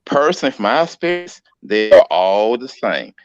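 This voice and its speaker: A man's voice: fairly low pitch, sing-song, moderate pace, clear, resonant tone, dry recording, muffled recording. A man who talks in a boastful, brash way in a casual group debate, often repeating himself.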